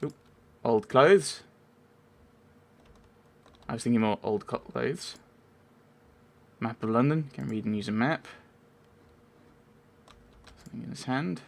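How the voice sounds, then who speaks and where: A man's voice: mid-range voice, slow pace, creaky, long pauses, darkish tone. A man giving rambling, casual commentary over a video game, with wry asides and frequent self-interruptions. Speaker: let's play gamer.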